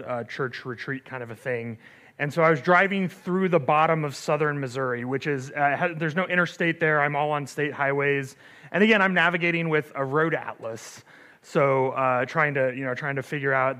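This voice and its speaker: A middle-aged pastor tells a story during a relaxed sermon, his voice a little high. He fills it with fillers and restarts and keeps asking "right?"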